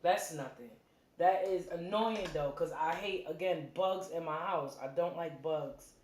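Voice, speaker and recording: Animated woman telling a story, roomy sound. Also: lowish voice, slight background noise. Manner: animated, acts out quotes, quick asides. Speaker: livestream host. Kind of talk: casual storytelling to a live chat. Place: her home. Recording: roomy echo.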